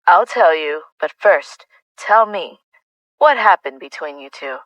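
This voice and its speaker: A woman reading an audiobook, voicing a calm, prying young man who speaks evenly and coldly. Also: fairly low pitch, a little slow, no echo, dull audio. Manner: calm, even, coaxing.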